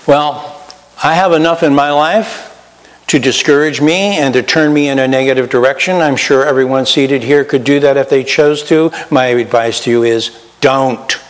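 Folksy pastor preaching in a reverberant hall. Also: male voice, medium pitch, fairly even intonation, normal speed. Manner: folksy, self-deprecating, varies pace and volume for emphasis. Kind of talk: sermon.

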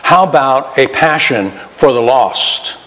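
A man's voice: mid-range voice, lively intonation, slow pace, fairly bright tone, long reverb tail, poor audio. A man preaching a sermon in a folksy, self-deprecating way, shifting his pace and volume for emphasis. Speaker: pastor.

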